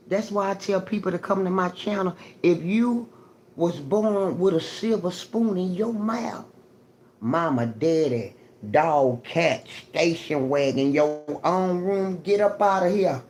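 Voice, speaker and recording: A woman on a live stream giving an emphatic, profane, preaching testimony and greeting her chat viewers by name. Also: sits low. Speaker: livestreamer.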